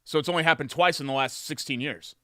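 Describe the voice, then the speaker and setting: A man's voice: on the high side, quick pace, sharp tone, no echo, clean studio sound. A man co-hosting a sports podcast, chatty and enthusiastic as he reads sponsor plugs. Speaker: podcast co-host. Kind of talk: casual sports chat.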